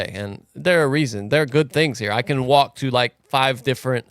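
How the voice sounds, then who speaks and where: A man's voice: medium pitch, fairly quick, fairly bright tone, clean tone, no echo, studio quality. A male podcast co-host chatting casually in a laid-back way. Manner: laid-back, reads listener reviews aloud.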